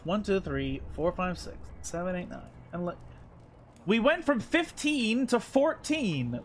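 A man's voice: high voice, sing-song, measured pace, soft background music. A man streaming a game live, thinking aloud, counting under his breath and swearing when annoyed. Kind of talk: live gaming commentary.

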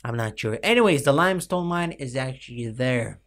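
A man's voice: medium pitch, expressive, moderate pace, fairly bright tone. Rambling young man with cracking voice. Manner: self-mocking, rambling, full of fillers. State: voice cracking late at night. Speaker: gaming YouTuber. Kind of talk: rambling gameplay commentary.

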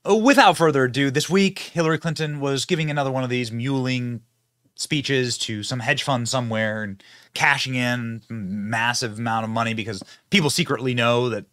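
A man's voice: medium pitch, fairly bright tone, no echo, studio quality. A man hosting a political podcast, delivering mocking, theatrical commentary. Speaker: podcast host.

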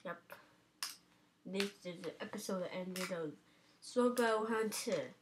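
A woman's voice: medium pitch, takes it slowly. A woman rambling playfully and giggling as she narrates her own silly antics to a webcam at home. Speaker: webcam vlogger. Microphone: webcam microphone. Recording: webcam audio with loud background noise.

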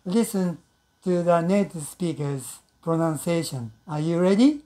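A woman teaching a pronunciation lesson, explaining slowly and carefully. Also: on the low side, mellow. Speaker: language teacher.

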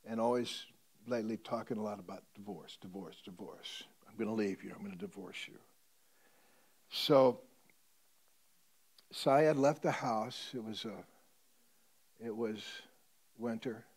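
A man preaching a sermon as a pastor, telling a story and swinging between loud emphasis and hushed tones. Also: lowish voice.

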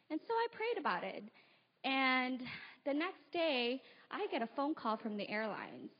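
A woman with a slightly high voice tells the children a personal story during a church service. She keeps it lively, asks them questions and slips into the voices of her parents. The sound is dull and lo-fi, like a live stream. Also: measured pace.

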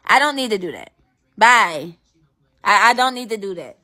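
A woman's voice: mid-range voice, very animated, moderate pace, bright, forceful tone. A young woman livestreaming, chatting casually with viewers in a brash, profane, trash-talking manner.

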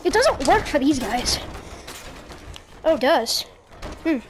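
Very high-pitched woman yelling at a game. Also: big pitch swings, slow, very noisy. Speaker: gaming YouTuber. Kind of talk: casual gameplay commentary.

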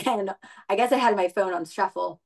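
Woman podcast guest, casual rambling talker, average pitch. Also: moderate pace, darkish tone. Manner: rambling, many fillers, laughs easily. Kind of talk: casual chat.

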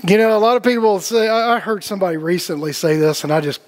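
Man, fairly high voice for a guy, loose rambling group talk, fillers, casual cussing. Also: fairly even intonation, quick pace, hardly any pauses.

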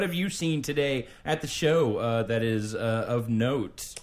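A tired man hosting a podcast, with relaxed, joking banter. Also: mid-range voice, unhurried. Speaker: host. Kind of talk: casual podcast chat.

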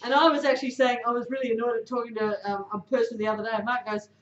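A woman's voice: on the high side, steady tone, racing. An Australian woman giving a motivational talk to a sports club, direct and emphatic, often putting questions to her listeners. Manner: direct, emphatic, quizzes the audience. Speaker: guest speaker. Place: club room before a team. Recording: echoey room, dull sound.

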